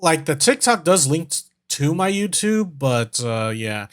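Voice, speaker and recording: A man's voice: fairly high pitch, sing-song, a little slow. A man streaming as a vtuber, chatting casually as he reacts to videos, rambling, laughing and swearing.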